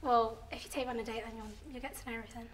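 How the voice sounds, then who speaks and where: 30s woman on a dating show, fast talker, coy answers. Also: fairly high pitch, little pitch movement, a little hiss or hum. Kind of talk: casual dating show chat.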